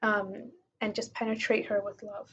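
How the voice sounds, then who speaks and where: A woman's voice: medium pitch, flat delivery, moderate pace, breathy edge, lo-fi sound. A woman reading passages from a self-help book aloud and commenting on them in a casual way, with many fillers. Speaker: book reviewer.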